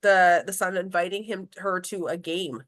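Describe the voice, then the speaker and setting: A woman's voice: on the low side, steady tone, normal speed, a bit bright. A woman who works as a grief specialist, talking casually in an interview with many restarts, fillers and laughs.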